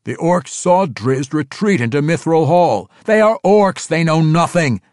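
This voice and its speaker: A man voicing a proud, resentful male dark elf noble who speaks in a fuming, insistent way in a storybook reading. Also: medium pitch, expressive, a little slow, no echo, studio quality.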